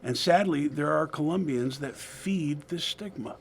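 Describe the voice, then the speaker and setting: Gravelly, laid-back male co-host. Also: fairly high pitch, a little slow. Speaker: co-host and producer. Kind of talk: casual banter.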